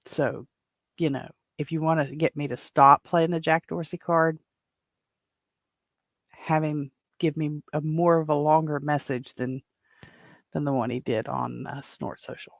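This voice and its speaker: Woman, tired solo podcast host, gravelly edge, chatty and meandering. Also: low-pitched, steady tone, measured pace, long pauses, no echo, studio quality. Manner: rambling, chatty, lots of restarts and fillers. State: tired, yawning. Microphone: home microphone.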